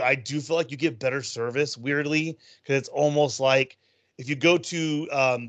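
A man's voice: medium pitch, a bit bright. A man co-hosting a casual chat about theme park news, rambling through stories with plenty of ums. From California. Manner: rambling storyteller, many ums. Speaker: podcast co-host.

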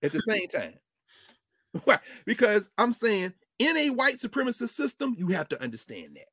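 Husky-voiced man lecturing like a preacher. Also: very animated, moderate pace, dry recording, clean studio sound. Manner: preacherly, swings between shouting and low asides; uses African American vernacular. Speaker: professor and show host. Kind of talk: lively lecture to an audience.

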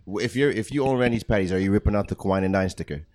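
A man's voice: fairly low pitch, racing, a little mellow. A man in a casual basketball podcast, pressing others with repeated questions. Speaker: podcast panelist.

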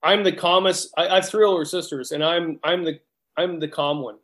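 A man's voice: a little high, fairly even intonation, fairly quick, a bit bright. A man, a guidebook author talking as a guest in a hyper, rambling way with many restarts. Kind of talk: casual interview chat.

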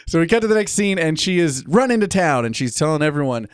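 A man from California co-hosting a casual podcast about a cartoon, animated and sweary, recording in a tiny studio. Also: fairly high pitch, fast, clear, resonant tone, dry recording. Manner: animated, swears, acts out characters in quotes. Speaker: podcast co-host. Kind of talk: casual chat. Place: tiny studio on a wind farm.

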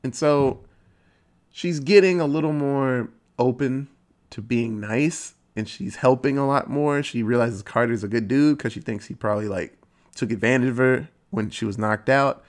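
A man's voice: medium pitch, normal speed. Man casually rambling through a story. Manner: rambling and loose, with frequent "like" and casual swearing. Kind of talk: casual chat retelling a movie plot.

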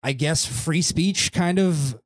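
A man's voice: a little high, slow. A man hosting a podcast in casual chat, ranting with lots of swearing. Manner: animated, profane ranting. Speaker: podcast host.

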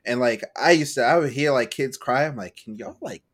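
A man's voice: mid-range voice, a little fast. Rambling young man on a podcast. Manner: rambling, lots of "like", acts out his own reactions. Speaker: podcast co-host. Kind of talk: casual podcast chat.

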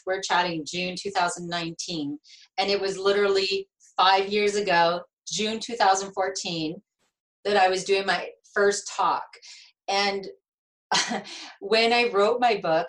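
Middle-aged woman, interview guest, emotional and lively storyteller, medium pitch. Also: low-quality recording. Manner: animated, emotional storyteller with laughs and restarts. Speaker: guest, nurse and speaker.

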